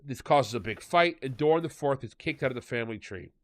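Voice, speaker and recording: A man's voice: mid-range voice, animated, quick pace, no room sound. Sarcastic man rambling through a show recap. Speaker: podcast host. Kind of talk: casual review chat.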